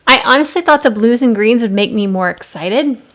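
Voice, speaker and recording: A woman's voice: fairly high pitch, animated, a little fast, a bit bright. A woman hosting an art channel, chatting casually and rambling a little as she swatches watercolors at her desk. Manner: musing, rambling, self-correcting. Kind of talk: casual talk while swatching paints. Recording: faint background noise with clicks.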